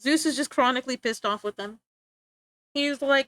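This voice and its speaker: A woman's voice: high voice, moderate pace, a bit bright, dry recording. A young woman streaming live, rambling and joking in casual chat with frequent laughter.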